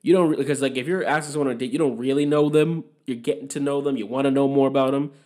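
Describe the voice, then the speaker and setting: A man's voice: medium pitch, fairly even intonation, quick pace, a little mellow. A young man hosting a podcast, talking alone in a candid, opinionated and rambling way, swearing freely. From Massachusetts, USA. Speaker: podcast host. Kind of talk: casual solo podcast monologue.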